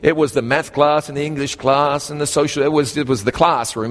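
A man from New Zealand with a New Zealand accent, preaching a storytelling sermon with animated swings in pitch and slow, emphatic phrases. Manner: animated, rises and drops sharply in pitch, slows for emphasis. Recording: long hall reverb.

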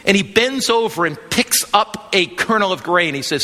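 A man preaching an evangelistic sermon, swinging from impassioned near-shouts to a hushed, gentle altar call. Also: high-pitched, animated, fairly quick, hardly any pauses, big-room sound.

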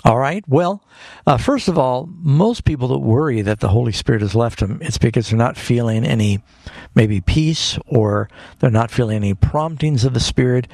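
A man with a gravelly, husky voice answers callers' Bible questions on a radio call-in show, earnest and explanatory. His sound is dry and close, straight off a studio mic. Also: medium pitch, moderate pace, a little mellow, no echo. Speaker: radio Bible program host and pastor. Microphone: studio microphone.

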